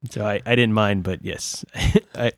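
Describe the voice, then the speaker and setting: A man's voice: fairly low pitch, fairly even intonation, a little slow, no room sound. A man hosting a casual chat who laughs often and adds short remarks. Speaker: podcast host.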